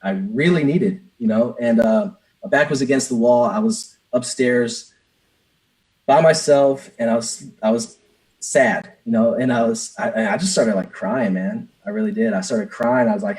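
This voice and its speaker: A man's voice: mid-range voice, moderate pace, darkish tone, rough recording. A business coach, a man, speaking openly in an interview and telling a personal story with many restarts. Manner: earnest, open, lots of restarts and "man". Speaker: business coach, podcast guest.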